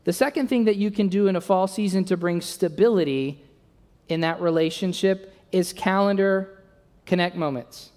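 A young adult man preaching a sermon, telling a self-mocking story and acting out the dialogue with lively energy. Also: sits high, moderate pace. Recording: long reverb of a large hall.

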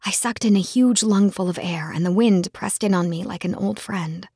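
A woman narrating a fantasy romance audiobook in the first person, expressive and heated in dialogue. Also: mid-range voice, moderate pace, slightly rough, no room sound, clean studio sound.

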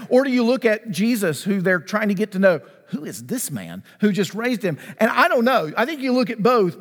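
A man preaching a sermon in a high, light voice, his words ringing with long reverb through a large hall. He is emphatic, drops to a hush and then rises, and repeats key phrases for weight. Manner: emphatic, repeats key phrases, swings between hushed and rising delivery. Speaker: pastor.

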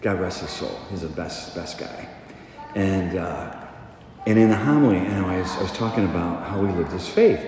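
A middle-aged man and pastor preaching a sermon, conversational and animated, asking the congregation questions. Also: deep voice, moderate pace, noisy background. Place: church. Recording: echoey church, long reverb, faint ambience.

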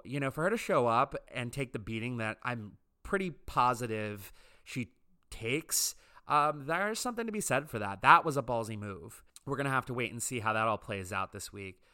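A man's voice: mid-range voice, sharp tone, clean tone. A man giving a casual, gossipy, opinionated commentary on a reality TV show.

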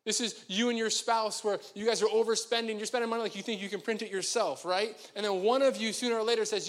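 Man, high voice, preaching a sermon, conversational and joking, long church reverb. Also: fairly even intonation, fast, hardly any pauses. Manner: conversational and joking, talks straight to the congregation. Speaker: pastor. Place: church sanctuary.

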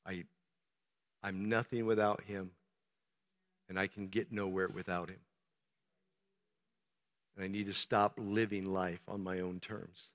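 A man preaching a sermon as pastor, swinging from soft, low talk to loud, emphatic shouting. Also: level tone, unhurried, pauses often. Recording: long reverb of a large hall.

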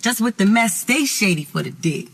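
A woman's voice: medium pitch, expressive, moderate pace, gravelly. A woman rapping a brash, profane comic verse with a punchy delivery.

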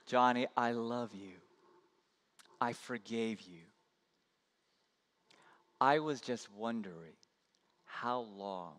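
A pastor voicing a gentle older grandmother who speaks softly, slowly and tenderly. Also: fairly low pitch, voice pushed down. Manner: soft, slow and tender. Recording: long church-hall reverb.

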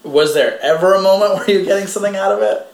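Guy interviewer, slightly high voice, laughs a lot, relaxed questions. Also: very fast, creaky. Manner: laughs easily, asks friendly questions. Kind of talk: casual interview. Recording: echoey room.

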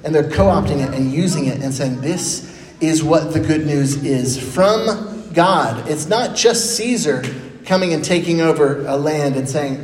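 A man preaching a sermon in a lively, conversational way, acting out quotes with playful energy. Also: on the high side, measured pace. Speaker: pastor. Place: church sanctuary. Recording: echoey church hall with faint noise.

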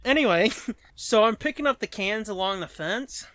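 Animated, bright-voiced man telling stories. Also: high voice, no echo. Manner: animated storyteller, acts out voices, profane; defensive, quick to take offense. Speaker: podcast co-host. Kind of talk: casual chat.

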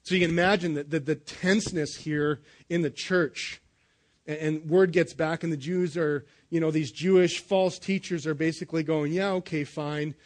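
Guy preaching in church, pretty high voice, tells bible stories all casual and jokey. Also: normal speed. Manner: animated storytelling, acting out biblical characters with casual modern slang. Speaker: pastor. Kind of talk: sermon. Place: church sanctuary.

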